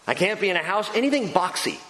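A man's voice: high-pitched, sing-song, fast talker, sharp tone, pitched above the performer's own voice, heavily acted. Hesitant, fearful woman patient, as a man puts her on, echoey hall. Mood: pleading. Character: anxious, fearful female patient. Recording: long hall reverb.

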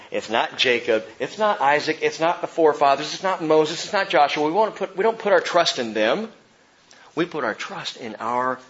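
A man preaching a sermon as pastor, impassioned, jumping from loud outbursts to hushed tones. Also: mid-range voice, lo-fi sound.

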